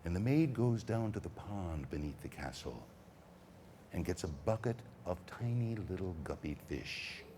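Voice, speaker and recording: A man telling stories to children at a school, dramatic and animated, swinging from whispers to booms. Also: moderate pace, background noise. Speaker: storyteller. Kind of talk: storytelling to children.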